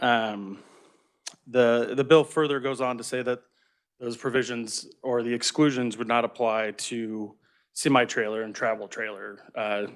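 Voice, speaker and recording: A man's voice: medium pitch, fairly bright tone. A man serving as legislative revisor, giving a formal, methodical briefing on a bill into a table microphone in a committee room.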